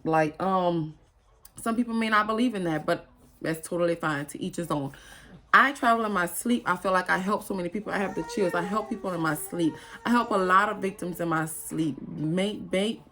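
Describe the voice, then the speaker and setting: A woman with a somewhat low voice gives a casual, heartfelt talk straight to her viewers. She is earnest and emotional, and she rambles and restarts her sentences as she goes. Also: fairly bright tone. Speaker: spiritual vlogger. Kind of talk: casual motivational monologue.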